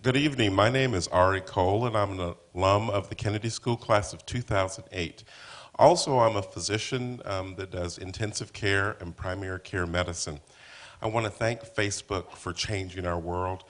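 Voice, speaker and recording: A man's voice: sits low, moderate pace. A man, a physician, asking an earnest, long-winded question from the audience.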